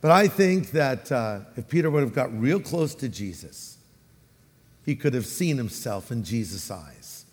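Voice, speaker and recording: A man with a Californian accent preaching a sermon as a pastor, animated and acting out the voices he quotes. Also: medium pitch, measured pace, big-room sound.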